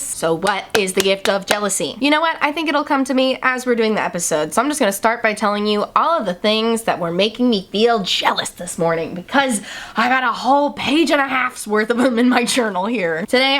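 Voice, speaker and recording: A young adult woman hosts her own podcast in a loose, conversational monologue. Her voice sits fairly high and swings up and down as she talks. She pokes fun at herself as she goes. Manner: chatty, self-deprecating, animated swings in pitch. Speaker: podcast host. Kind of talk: casual solo podcast monologue.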